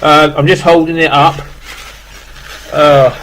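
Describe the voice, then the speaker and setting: Brit bloke in his 50s rambling on camera, kinda higher voice, all choked up and grateful. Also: fairly even intonation, normal speed, fairly bright tone, a little hiss or hum, poor audio. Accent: British English. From England. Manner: rambling, filler-heavy, emotional and grateful. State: close to tears. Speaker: vlogger. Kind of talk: casual unboxing vlog.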